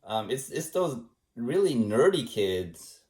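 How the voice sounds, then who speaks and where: A man's voice: medium pitch, big pitch swings, slow pace, a little hiss or hum. Rambling man in an echoey room. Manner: rambling, repetitive, shrugging off, soft dismissive retorts. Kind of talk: casual personal monologue. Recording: roomy echo.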